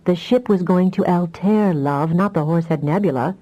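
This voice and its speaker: Steady affectionate husband, voiced by a woman narrator, gentle, teasing, low mellow voice. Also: moderate pace, lo-fi sound, natural voice. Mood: gently teasing. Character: calm, affectionate husband, adult man.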